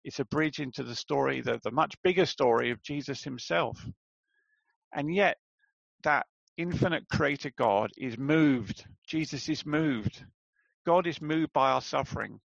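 A man's voice: medium pitch, measured pace, vocal fry, no room sound, muffled recording. A man preaching a sermon in a conversational way, asking rhetorical questions and calling his listeners friends.

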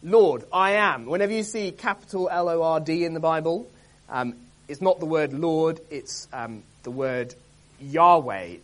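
A man preaching an expository sermon, earnest and emphatic, reading scripture aloud with dramatic stress and often pausing with um and uh. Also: a little high, lively intonation. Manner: earnest, emphatic, many ums and uhs.

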